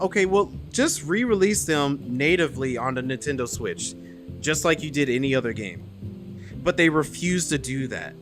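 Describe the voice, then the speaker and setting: A young man venting on his stream, his voice pitched a little high and swinging widely up and down as frustration builds into outbursts. Faint guitar music plays quietly behind him. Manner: frustrated, exasperated ranting with rising outbursts. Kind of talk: ranting to stream chat.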